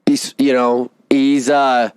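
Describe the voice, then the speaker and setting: A man co-hosting a podcast in casual chat, swearing freely and telling stories with excitement. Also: mid-range voice, slow, clear, resonant tone, no echo, studio quality. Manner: swears a lot, excitable storyteller. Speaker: podcast co-host.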